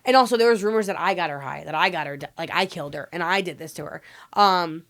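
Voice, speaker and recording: A woman guest on a podcast, telling her story candidly in an emotional, rapid way, full of "like" fillers and swearing. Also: on the low side, creaky, fairly bright tone.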